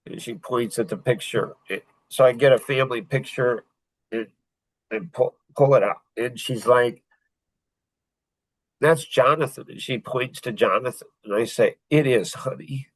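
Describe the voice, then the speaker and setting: A podcast host telling a personal story in a reflective, halting way, with pauses and restarts. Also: male voice, medium pitch, steady tone, dry recording, low-quality recording.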